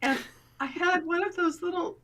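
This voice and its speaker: Brief: middle-aged woman coach, high bright voice, animated anecdotes with acted-out voices. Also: moderate pace. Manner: animated, acts out quoted voices. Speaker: guest confidence coach. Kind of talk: storytelling in a casual interview.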